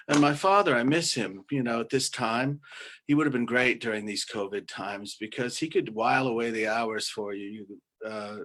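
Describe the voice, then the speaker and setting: Casting: male comic, deadpan and halting, mid-pitched, absurd monologue on a video call. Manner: dry, halting delivery with many uhs. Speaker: comedian guest.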